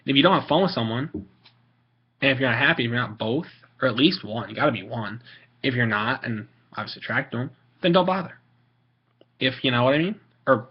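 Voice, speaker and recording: A man's voice: medium pitch, lively intonation, fast talker, husky, muffled recording. A teenage boy ranting casually on a vlog, rambling with lots of fillers, restarts and swearing. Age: teens. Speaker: video maker.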